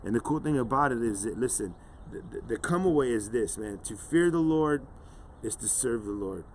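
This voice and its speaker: A man's voice: mid-range voice, animated, normal speed, a little mellow, a little hiss or hum. A man giving an earnest, conversational devotional sermon as a pastor, often dropping "man" and "right" into his talk.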